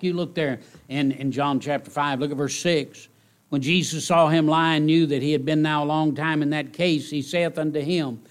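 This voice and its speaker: Speaking at a moderate pace in a mid-range voice, a man delivers a sermon to a church congregation. Key phrases recur again and again, and his delivery swings between loud outbursts and hushed passages.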